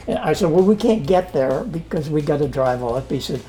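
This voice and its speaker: A man's voice: fairly high pitch, fairly quick, hardly any pauses, faint music behind. An older man telling stories in a casual interview, acting out the dialogue as he goes. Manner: animated storyteller, acts out quoted dialogue. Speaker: interviewee, sound engineer. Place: home studio.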